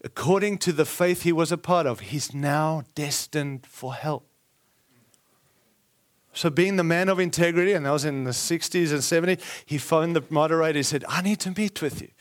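Man preaching, high voice, animated storytelling, self-correcting asides. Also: normal speed. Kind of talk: sermon.

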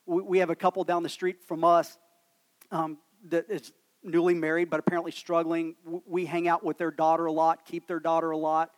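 A man's voice: a little high, flat delivery, fairly quick. A man, a pastor preaching a sermon in a church in a conversational, self-deprecating storytelling manner. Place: church sanctuary.

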